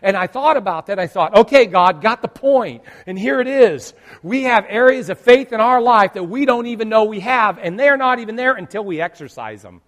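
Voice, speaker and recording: Pastor, male, high voice. Animated sermon with acted-out groans, long hall reverb. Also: fairly quick.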